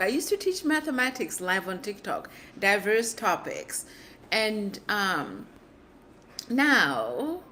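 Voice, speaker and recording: A middle-aged woman hosting a casual livestream, chatting playfully with viewers and laughing often, her voice hoarse. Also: medium pitch, a bit bright, slight background noise. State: hoarse from screaming. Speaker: livestream host.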